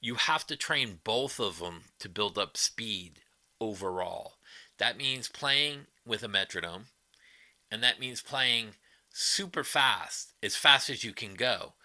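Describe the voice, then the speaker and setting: His lowish voice is animated yet slow, bright and forceful, recorded without echo. This livestream host reads viewer comments in casual chat and doesn't hold back on blunt, profane opinions.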